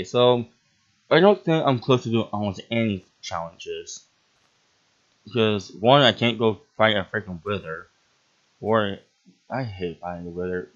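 Male gameplay commentator, slightly low voice, excitable and giggly, recorded on a dull lo-fi mic. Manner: excitable, laughs often, bursts into yelps. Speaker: gaming channel host.

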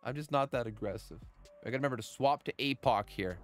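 Animated man streaming a game. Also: a little high, brisk, soft background music. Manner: chatty, swings from calm tips to loud outbursts. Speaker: gaming livestreamer. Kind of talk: live gameplay commentary with chat.

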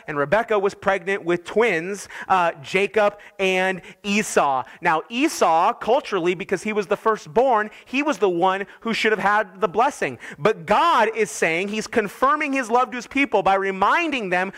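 Pastor delivering a sermon, high bright voice, earnest, climbs higher and louder when quoting God. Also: male voice. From United States. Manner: earnest preaching, rising in pitch and force when voicing God's words.

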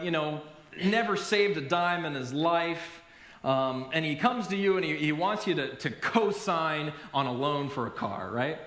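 A man preaching a sermon as a pastor, telling stories in an animated way with self-deprecating humor. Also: a little high, roomy sound. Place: church sanctuary.

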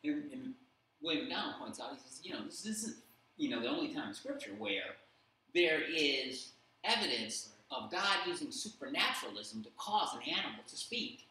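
A man's voice: fairly high pitch, big pitch swings, normal speed, bright, forceful tone. A man leading a casual Bible study discussion, telling stories animatedly with many fillers. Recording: very echoey room, faint background hum.

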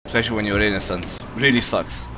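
A man's voice: lowish voice, fairly even intonation, quick pace. A young man from Romania, a streamer chatting casually with his viewers, rambling with many fillers, music playing behind him.

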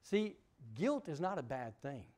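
A man preaching a sermon as pastor, emphatic, asking the congregation questions, swinging from loud peaks to quiet drops. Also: a little high, sing-song, a little slow. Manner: asks the congregation rhetorical questions.

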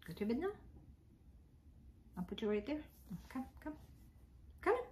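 A woman's voice: fairly high pitch, big pitch swings, moderate pace, darkish tone. A woman at home at night, coaxing her pet in cooing baby talk that often drops to a whisper. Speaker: pet owner vlogger.

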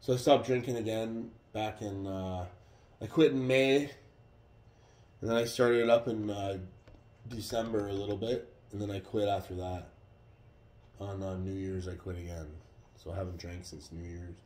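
A man telling a story in a casual, profane, animated way. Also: on the low side, normal speed. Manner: profane, animated retelling with acted quotes. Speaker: vlogger. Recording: roomy echo.

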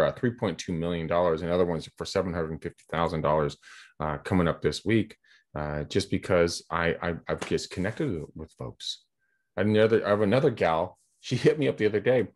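A man's voice: low-pitched, brisk. A middle-aged man from California, a real estate agent, telling rambling anecdotes in a casual podcast interview over a video call. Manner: energetic, chatty, rambling anecdotes with quoted dialogue.

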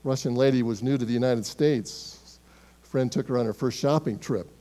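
A man preaching a sermon as pastor in a church, emphatic and swinging between loud declarations and hushed, quiet words. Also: medium pitch, moderate pace. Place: church sanctuary.

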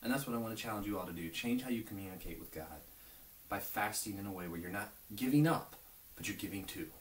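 A man's voice: fairly low pitch, lively intonation, fast talker. A young man giving an informal, earnest video sermon as a youth pastor, often dropping to near whispers. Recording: echoey room, mic at a distance, faint hiss.

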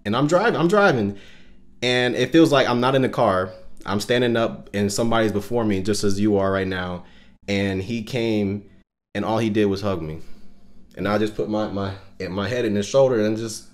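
A man telling a personal faith story on a casual podcast, earnest and emotional, with lots of fillers. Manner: rising pitch and loudness when recounting intense moments. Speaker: podcast co-host and Christian musician.

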